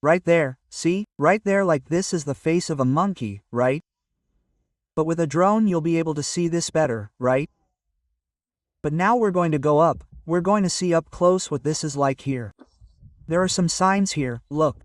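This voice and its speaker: Male vlogger, slightly high voice, dry and distant outdoor camera sound, out of breath on a climb. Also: normal speed, dry recording. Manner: chatty, keeps prompting viewers with "look" and "right?". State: panting from climbing. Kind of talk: casual hiking vlog narration.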